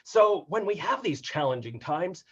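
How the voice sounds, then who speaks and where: A playful man delivers a lively keynote full of puns and asides, his voice sitting a bit high for a man. The sound is dull and lo-fi, like audio from a video call at home. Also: moderate pace, breathy edge. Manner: animated, joking, punny. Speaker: keynote speaker on workplace humor. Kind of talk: upbeat webinar talk with jokes. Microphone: video call mic.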